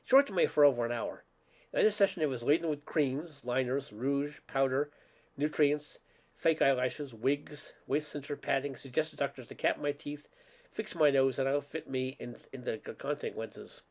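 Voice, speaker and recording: A man's voice: medium pitch, normal speed, darkish tone. A man reading a humorous essay aloud, with occasional stumbles over words. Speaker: reader.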